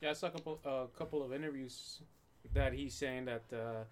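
A man in casual conversation who speaks haltingly, with many fillers and restarts. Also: mid-range voice. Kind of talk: casual chat.

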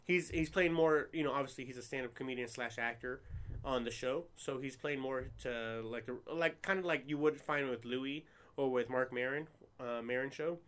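A man's voice: medium pitch, moderate pace, a bit bright. A man in casual conversation who talks enthusiastically, swears freely and says he is from New Jersey. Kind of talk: casual chat.

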